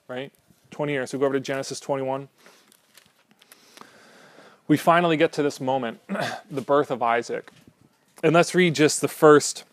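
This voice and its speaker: A man's voice: on the high side, no echo. A man preaching a casual, conversational sermon, often checking in with the room. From Southern California. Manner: casual, animated, asks the room "right?". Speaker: pastor.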